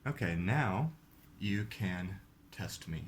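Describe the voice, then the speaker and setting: Low-voiced man explaining a card game. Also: lively intonation, takes it slowly, slight background noise. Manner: explains game rules step by step. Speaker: host. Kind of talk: casual game commentary.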